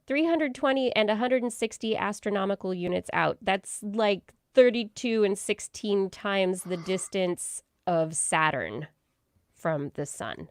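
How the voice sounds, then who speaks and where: A woman's voice: medium pitch, unhurried, dry recording, studio quality. Chatty science podcast host, woman. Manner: explains research in a loose, chatty way with laughs. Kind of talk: casual science chat.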